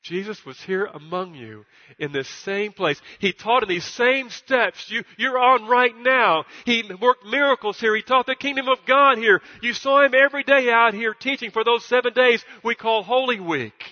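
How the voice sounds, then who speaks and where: A male pastor preaching a sermon in church, emphatic and repeating himself, climbing to loud peaks and stumbling over words at times. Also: very high voice, normal speed. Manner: stutters at times. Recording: dull recording with long church reverb.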